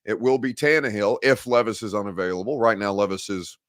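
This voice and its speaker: A man's voice: lowish voice, brisk, a bit bright, no room sound. A man hosting a live sports talk show from a studio, chatting casually and answering viewer comments with wry humor.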